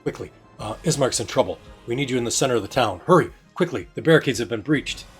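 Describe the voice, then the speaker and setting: A man voicing a raven messenger, urgent, hurried, faint music behind. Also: medium pitch, animated, slightly rough. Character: frantic talking raven messenger.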